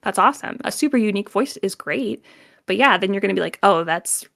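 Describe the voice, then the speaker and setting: A young woman from the American South talks shop as a guest voice actor. Her voice sits in a middle pitch with a slight gravel to it. She stays lively and laughs often as she explains. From southern United States. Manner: animated, laughs often, mixes in quick demo voices. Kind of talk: casual interview chat.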